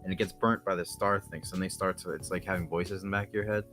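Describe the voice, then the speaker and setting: A man co-hosting a movie review show, chatting casually with a friend, talking in quick stumbling bursts full of slang. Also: deep voice, steady tone, a bit bright, faint music behind. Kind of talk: casual chat between friends.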